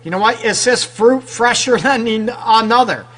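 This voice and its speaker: On his radio advice show, a man working as a relationship counselor addresses women listeners directly and conversationally, asking lots of rhetorical questions and often adding "right?" His voice is very high-pitched and fairly bright, at a moderate pace.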